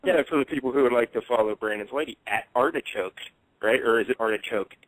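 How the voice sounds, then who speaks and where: A fast-talking man co-hosts a casual radio chat with dry, teasing banter. His voice sits mid-range and sounds close and dry, with no room echo. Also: medium pitch. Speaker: co-host.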